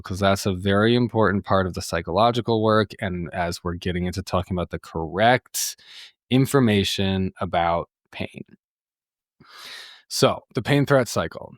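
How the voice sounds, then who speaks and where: Lowish-voiced guy therapist doing a chatty podcast, says like a lot, curses sometimes, dry sound. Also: dry recording. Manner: chatty, candid, peppered with "like" and swearing. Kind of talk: casual solo podcast talk.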